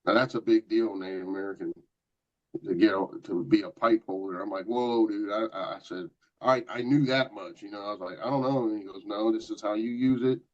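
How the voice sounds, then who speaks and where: A man's voice: on the low side, brisk. A middle-aged man, a paranormal investigator, telling a long personal story in a casual, rambling way with lots of quoted asides. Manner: rambling, animated anecdotes with many quoted asides. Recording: dull lo-fi podcast audio.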